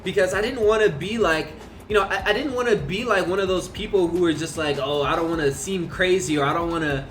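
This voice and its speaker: High-voiced man telling a rambling story. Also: fairly quick, a bit bright, slight background noise. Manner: rambling, full of fillers and swearing. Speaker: vlogger. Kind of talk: casual storytelling.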